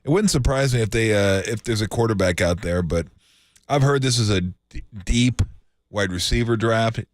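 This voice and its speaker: Deeper voiced dude on sports radio, rambly and casual, dry studio mic. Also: male voice, moderate pace, no echo. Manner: loose, filler-heavy, conversational. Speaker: radio sports talk co-host. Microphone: studio microphone.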